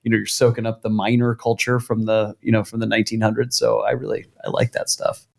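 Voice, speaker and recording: Fast-talking enthusiastic male host. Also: lowish voice, little pitch movement, gravelly. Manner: fast, enthusiastic, quick to laugh. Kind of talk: casual podcast chat.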